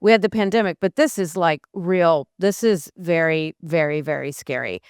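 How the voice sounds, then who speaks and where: A woman hosting an interview, chatty with animated asides. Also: on the low side, moderate pace, clear, resonant tone, no room sound, studio quality. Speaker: host. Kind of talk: interview conversation.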